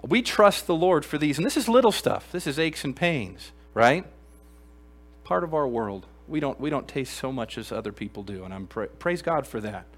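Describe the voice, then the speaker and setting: A man preaching a sermon to a live congregation in a church, emphatic and earnest, swinging from loud exclamations to quiet asides and asking the room questions. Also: medium pitch, lively intonation, moderate pace. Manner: addresses the congregation directly with questions. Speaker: pastor.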